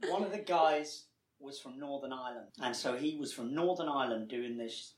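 An actor being interviewed, telling stories with lively acted-out quotes and frequent laughter. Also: male voice, medium pitch, fairly quick, echoey room. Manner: animated storyteller, acts out quoted voices, laughs often. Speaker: actor guest. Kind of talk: anecdotal interview chat.

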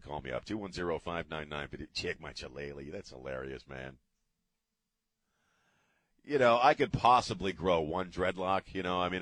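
A man's voice: deep voice, fairly bright tone, no echo. A middle-aged man hosting a talk radio show, ranting sarcastically in a studio. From United States. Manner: sarcastic, ranting, swears casually. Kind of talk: opinionated talk radio monologue. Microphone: studio broadcast mic.

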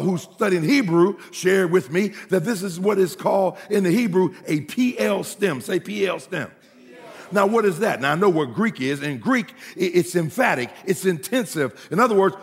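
A male pastor preaching a sermon to a congregation, with humorous asides and call-and-response that builds to shouting. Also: high-pitched, vocal fry, long reverb tail.

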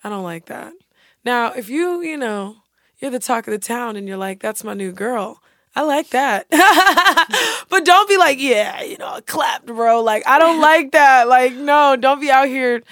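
A young woman chatting casually, blunt and animated, swearing freely and acting out quotes. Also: sits high, a little slow, dry recording, studio quality. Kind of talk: casual chat.

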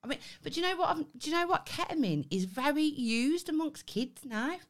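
A woman's voice: high-pitched, brisk. A woman, telling a wild story on a casual podcast and swearing freely. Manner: animated storyteller, swearing, acts out voices with laughter. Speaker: podcast co-host. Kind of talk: casual chat.

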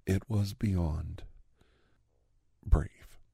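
A man in a whispered role-play, rambling in an earnest, sentimental way with soft whispered asides, close to the microphone. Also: low voice, fairly even intonation, extremely slow, creaky, husky. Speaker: host playing a doctor character.

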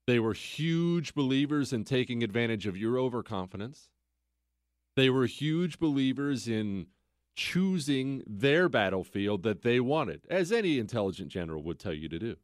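A man's voice: mid-range voice, sing-song, normal speed, dry recording, studio quality. A man hosting a history podcast, telling the story conversationally and emphatically with asides to the listener. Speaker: podcast host.

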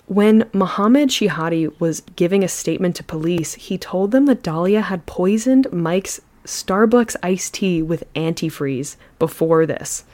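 A woman's voice: fairly low pitch, darkish tone. A woman hosting a podcast, telling a true crime story with chatty asides. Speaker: podcast host.

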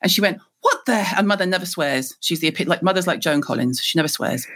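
A middle-aged woman from Liverpool with a Scouse accent, a guest telling lively stories in a podcast interview. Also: on the low side, quick pace. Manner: lively, animated storyteller.

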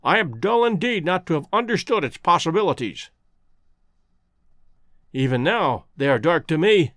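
Excitable male companion, puzzled and quick, voiced by a man. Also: fairly high pitch, dry recording, clean studio sound.

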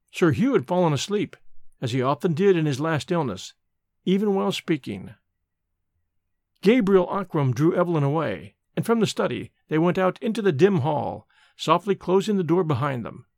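A man narrating a gothic story in an expressive, measured storytelling manner. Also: fairly high pitch, no room sound, clean studio sound.

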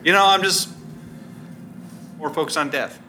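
A man playing a tabletop game, tossing off quick joking asides. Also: on the high side, crowd noise. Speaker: player. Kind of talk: casual tabletop banter.

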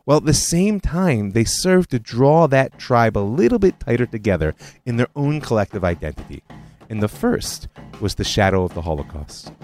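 A man's voice: medium pitch, very animated, moderate pace, darkish tone. A man hosting a history podcast, telling it as a story with conversational asides. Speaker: podcast host. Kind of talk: scripted history narration.

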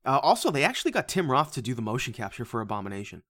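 A man hosting a casual movie review podcast, animated and swearing freely, who slips into loud mock voices. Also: medium pitch, very fast. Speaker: podcast host.

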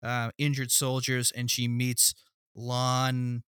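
Man, bright voice, dry sound, sardonic plot recap, casual profanity. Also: mid-range voice, slow, clean tone, no echo. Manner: sardonic, profane, deadpan asides. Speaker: podcast co-host recapping a film.

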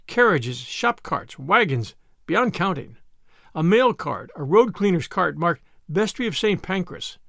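A man reading a novel aloud as scripted narration, with a dramatic delivery that calls out the crowd's shouts. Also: high-pitched, gravelly, no room sound, clean studio sound. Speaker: audiobook narrator.

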